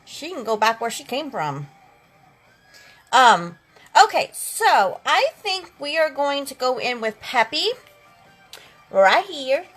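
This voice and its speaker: A woman's voice: high voice, big pitch swings, slow pace, pauses often, fairly bright tone, rough recording. A talkative, sassy woman chatting with viewers during a makeup live stream, calling them girls and honey. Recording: faint music in the background. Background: eighties instrumental music.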